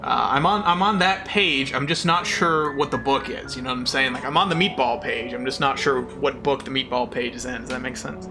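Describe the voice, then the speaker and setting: A man's voice: medium pitch, a little fast, few pauses. A man streaming a puzzle game in casual chat, frustrated and self-mocking, who swears often and thanks viewers as he plays. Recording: game stream with music behind.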